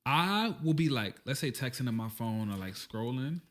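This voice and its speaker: Male podcast host, joking and profane, with a crisp, forceful tone. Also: mid-range voice, lively intonation, moderate pace. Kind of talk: casual chat.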